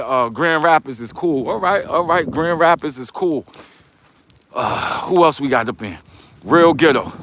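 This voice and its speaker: A man with a New York accent livestreams while walking a snowy street outdoors, reading viewers' comments in loose, slangy fashion. His voice sits on the high side with a fairly bright tone, and there's slight background noise.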